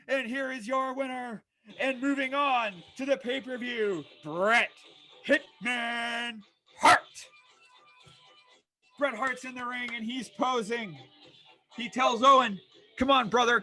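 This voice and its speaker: A man hosting a fantasy wrestling show, narrating the matches play-by-play with energy that rises to shouts at big moments. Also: extremely high pitch, fairly even intonation, takes it slowly, soft background music.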